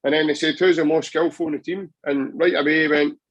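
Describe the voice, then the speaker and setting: A man's voice: on the high side, fairly even intonation, fast talker, no echo, poor audio. A Scottish man chatting passionately about football on a podcast, rambling with many restarts. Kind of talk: casual football chat.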